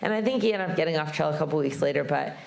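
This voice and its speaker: Low, gravelly-voiced woman telling a story. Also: rapid-fire, roomy sound. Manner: animated storyteller, acts out voices, laughs often. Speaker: guest speaker, long-distance hiker. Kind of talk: storytelling talk to a live audience. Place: club venue before a live audience.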